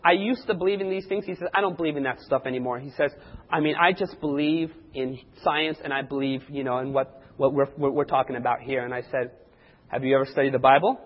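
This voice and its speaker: Male preacher, husky, slightly high; animated testimony storytelling with acted-out quotes; dull recording, long hall reverb. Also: quick pace.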